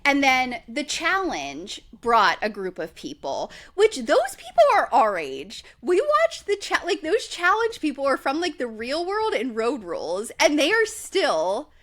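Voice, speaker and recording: A young woman co-hosting a podcast, chatting casually and acting out quotes in lively voices. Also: high-pitched, unhurried, few pauses. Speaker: podcast co-host. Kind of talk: casual chat recapping reality TV.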